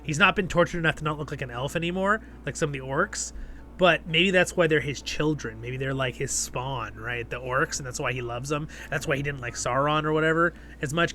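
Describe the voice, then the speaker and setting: A man's voice: on the high side, expressive, a little fast, sharp tone, slight background noise. A man hosting his show, giving a casual episode review in a chatty way and often tagging his points with "right?" and "okay?".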